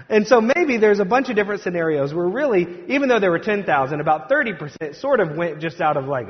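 Preaching in a reverberant church sanctuary, this male pastor has a voice that sits high and is very animated and brisk. He jokes, talks conversationally and performs the voices of the crowd, and the recording sounds dull with a long hall reverb.

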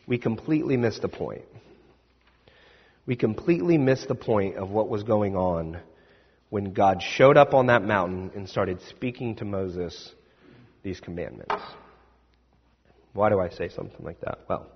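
Casual preacher in an echoey hall. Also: male voice, mid-range voice, breathy edge. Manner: conversational, self-deprecating storytelling. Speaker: pastor. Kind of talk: sermon. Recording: echoey hall, dull sound.

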